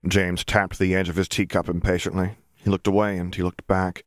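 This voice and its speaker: A man reading a story aloud as narrator in a steady, deliberate way. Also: low-pitched, dry recording, studio quality.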